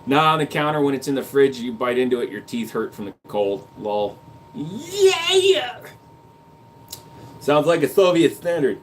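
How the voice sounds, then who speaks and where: Reading viewers' chat comments out loud, this livestream host answers with crude banter and offhand talk about guns. His mid-range voice swings widely in pitch at a measured pace, with slight background noise.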